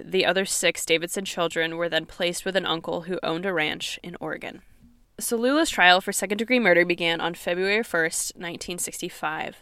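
A woman's voice: fairly low pitch, sharp tone, clean tone, no room sound, clean studio sound. A woman hosting a podcast, telling a true crime story in an earnest, conversational way and reading quoted sources aloud. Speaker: podcast host.

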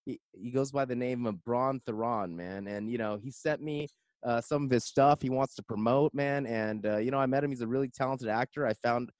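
A man's voice: medium pitch, a little fast, a little mellow, dry recording. Laid-back man hosting a podcast, dry sound. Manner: laid-back, says "man" and "basically" a lot. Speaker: podcast host. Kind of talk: casual chat. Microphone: video call.

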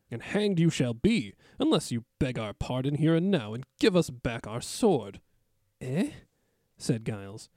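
Animated man reading a story aloud. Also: mid-range voice, no room sound, studio quality. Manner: animated reader who shouts out characters' lines. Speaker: podcast co-host reading an excerpt aloud. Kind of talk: dramatic reading of a story excerpt.

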